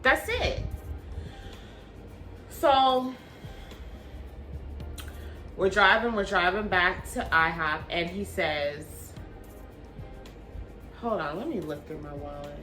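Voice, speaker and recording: A woman vlogger telling a story to her camera, blunt and animated, with swearing and slang. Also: lowish voice, slow, long pauses, faint music behind.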